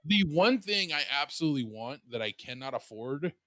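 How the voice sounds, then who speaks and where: A man casually telling a story on his show, rambling and animated, swearing freely. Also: a little high, fairly quick, dry recording. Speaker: streamer and podcast host.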